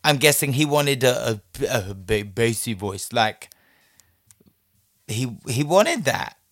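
Very animated but taking his time, the man speaks at medium pitch with a fairly bright tone. He's a host offering sassy, chatty commentary on a listener's story, saying "like" a lot and laughing often. The recording is dry and studio quality.

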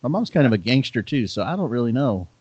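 A man in a casual podcast chat, telling stories in a relaxed, laid-back way. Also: mid-range voice, fast, breathy edge, dry recording. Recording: slightly dull, dry sound.

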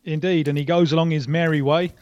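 A man reporting down a line as a football correspondent, talking in a wry, animated way with many restarts. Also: fairly high pitch, fairly quick, muffled recording. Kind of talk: radio interview.

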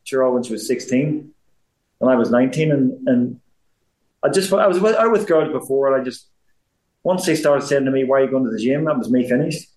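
A man's voice: mid-range voice, animated, fairly quick, darkish tone, roomy sound, low-quality recording. A man in his fifties with a Belfast accent, a former boxer chatting as an interview guest, rambling and often restarting his sentences. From Belfast, Northern Ireland. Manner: rambling, repeats himself, frequent restarts. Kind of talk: casual interview chat.

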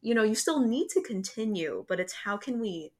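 A woman's voice: medium pitch, expressive, moderate pace. A young woman in her twenties hosting the interview, listening with frequent affirmations and talking casually with many fillers. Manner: warm listener, frequent "mm-hmm", laughs along, many fillers. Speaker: podcast host, interviewer. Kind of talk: casual conversation.

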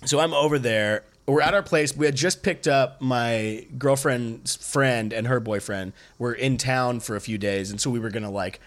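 Male comedian-host, mid-pitched, rambling anecdote delivery with constant "like" and "uh", profane and loose. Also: moderate pace, hardly any pauses, fairly bright tone. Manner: rambling, profane, many fillers and restarts. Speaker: stand-up comedian and podcast host. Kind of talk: casual storytelling chat.

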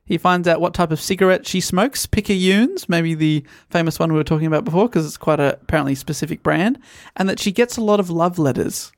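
A man's voice: on the high side, fairly quick, no room sound, studio quality. An Australian man hosting a casual podcast chat, retelling a book with laughs and acted-out quotes. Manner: laughing storyteller, acts out quotes. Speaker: podcast host.

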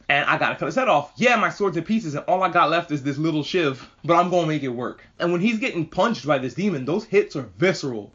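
A man giving a casual spoken anime review, excitable and profane, gushing over what he watched. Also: a little high. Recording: dull lo-fi recording.

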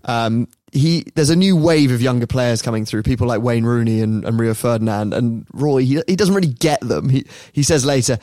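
A man's voice: medium pitch, moderate pace, hardly any pauses, dark tone, no echo, studio quality. A man, hosting a casual podcast chat, telling a sports story with laughs and put-on voices for quotes. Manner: chatty, laughs often, puts on voices for quotes. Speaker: podcast host.

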